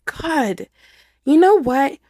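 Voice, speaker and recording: A woman's voice: sits high, big pitch swings, extremely slow, a little mellow, no room sound, studio quality. A young adult woman hosting her own podcast, talking through her feelings in a loose, rambling way, full of "like", restarts and casual swearing. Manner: rambling, filler-heavy, swears freely. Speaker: podcast host. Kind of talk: candid casual monologue.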